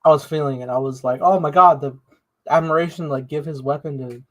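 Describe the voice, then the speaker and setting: A man's voice: fairly high pitch, fairly even intonation, fairly quick, a bit bright. A man co-hosting a casual review chat, blunt and swearing as he reacts. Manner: blunt, swears, laughs along. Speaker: podcast co-host.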